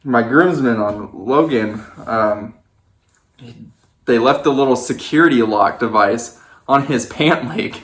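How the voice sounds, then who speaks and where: A young man casually recounting his wedding day as a storytime, acting out what people said. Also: reverberant. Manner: animated storyteller, acts out quotes in a higher voice.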